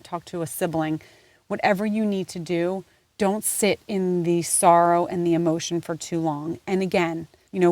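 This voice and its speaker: An earnest woman in her forties hosts her own podcast in a low, unhurried voice. The sound is dry and close, with no room around it. She rambles through "you know" fillers and swears without holding back. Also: a little mellow, dry recording. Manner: earnest, heartfelt, swears freely. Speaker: podcast host. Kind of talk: candid podcast monologue.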